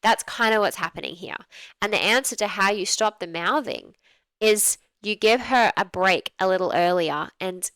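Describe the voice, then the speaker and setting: A woman dog trainer commenting on a training clip in a relaxed, conversational way, often acting out examples to make her point. Her voice is smooth and resonant, at a middle pitch. The recording is dry and close. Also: moderate pace, dry recording, poor audio. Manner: conversational, explains with acted examples. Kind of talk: video review commentary.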